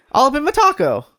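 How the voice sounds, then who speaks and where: A woman's voice: high-pitched, pushed and bright. A woman co-hosting a comedy podcast, reading posts aloud with laughter and swearing in casual chat. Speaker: podcast co-host.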